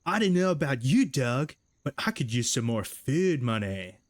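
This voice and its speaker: A man voicing an excitable young male football player in a loud, high jock voice. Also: normal speed, dry recording, close to an everyday voice. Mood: excited.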